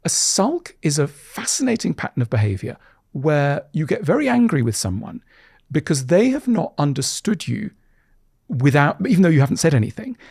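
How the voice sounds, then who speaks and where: A man talking as a podcast guest, explaining ideas in a conversational way. He stumbles and restarts often, and acts out little quoted scenes with big jumps in pitch. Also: sing-song, moderate pace, vocal fry, a little mellow, slightly rough, dry recording, clean studio sound. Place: podcast studio.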